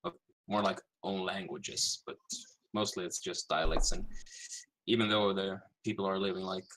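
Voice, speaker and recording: A young Swedish man speaks English as a guest on a casual podcast. His voice sits low, and his talk is measured, with a faint hiss under the recording. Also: little pitch movement, fairly bright tone, poor audio. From Sweden. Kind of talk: casual chat.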